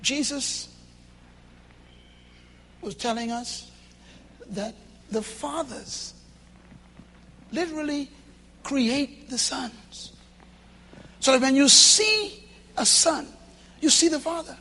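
A man preaching a sermon to a church congregation, emphatic, with loud bursts and low asides. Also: expressive, slow pace, pauses often, slight background noise.

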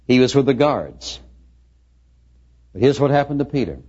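A man preaching a sermon, swinging between quiet asides and emphatic rising lines. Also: mid-range voice, lively intonation, moderate pace. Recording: dull lo-fi recording.

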